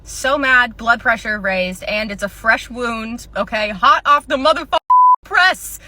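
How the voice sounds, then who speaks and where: A woman who manages a retail store telling a workplace storytime in an animated, sarcastic way, swearing freely. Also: on the high side, normal speed, heavy background noise. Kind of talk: storytime vlog.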